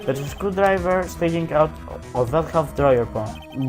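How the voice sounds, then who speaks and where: A man's voice: fairly high pitch, expressive, measured pace, soft background music. A man reading a courtroom video game's dialogue aloud, casual and self-mocking, peppering it with "dude" and "like". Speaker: let's play commentator. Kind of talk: reading game dialogue aloud with jokey asides.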